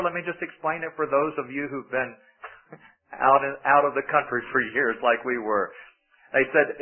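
A man's voice: mid-range voice, normal speed. A man preaching a sermon, praying and then telling folksy, joking stories to his congregation. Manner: folksy, joking, with prayerful passages. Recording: tinny, phone-like radio broadcast.

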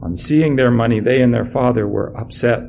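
A man's voice: medium pitch, normal speed, creaky, muffled recording, slight background noise. A man with a congested throat reading a Bible passage aloud to a group of listeners. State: congested, clearing his throat. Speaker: scripture reader. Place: room with listeners present.

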